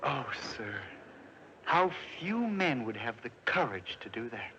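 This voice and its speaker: An actor playing a meek, gentle man who loves animals, talking softly and humbly politely, in a 1950s film. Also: medium pitch, sing-song, unhurried. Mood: gentle coaxing. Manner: soft, coaxing, humbly polite. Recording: dull, hissy 1950s film soundtrack.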